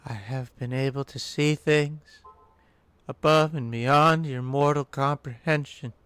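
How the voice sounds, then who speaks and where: A man voicing a grandiose, condescending male seer of arcane knowledge, speaking slowly and theatrically on a live stream. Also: mid-range voice, fairly even intonation, fairly bright tone, clear, resonant tone, no room sound, pitched below the performer's own voice, natural voice. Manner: slow, theatrical, lofty. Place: home, streaming.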